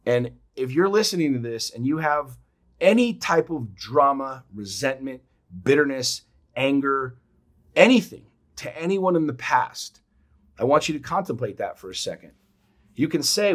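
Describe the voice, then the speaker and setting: A man's voice: medium pitch, expressive, normal speed. Emphatic, swearing male podcast co-host. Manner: emphatic, swears freely, acts out quotes with sudden loud jumps. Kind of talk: casual motivational talk.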